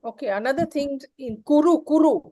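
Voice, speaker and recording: A woman's voice: sits high, brisk, warm tone, poor audio. A woman, a student on a video call, pressing her teacher with persistent questions.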